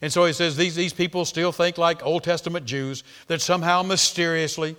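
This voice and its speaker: Male preacher, middle-aged, fairly high voice, emphatic sermon delivery, big swings in volume. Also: fairly even intonation, normal speed, few pauses, clear, resonant tone. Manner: emphatic, repeats words, rises and falls sharply in loudness.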